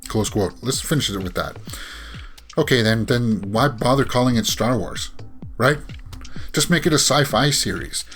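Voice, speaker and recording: A man's voice: medium pitch, lively intonation, normal speed, pauses often, fairly bright tone, faint music behind. A man giving casual commentary as a movie news vlogger, rambling with frequent fillers and restarts and sighing, exasperated asides.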